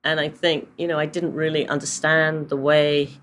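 A woman's voice: low voice, level tone, normal speed, slight background noise. A British woman from England in her sixties, a photographer telling stories in a casual interview, chatty and full of fillers. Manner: chatty storyteller with many fillers and laughs. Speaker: photographer guest.

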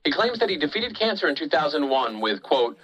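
A man reading a news-style narration with a crisp delivery. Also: on the high side, sing-song, brisk, a bit bright, highs cut off.

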